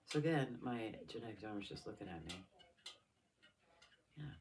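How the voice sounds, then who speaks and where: A tearful middle-aged woman vlogging a raw emotional monologue to her father, swinging between loud anger and hushed whispers. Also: very deep voice, expressive, normal speed, a little hiss or hum. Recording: voice a bit far from the mic.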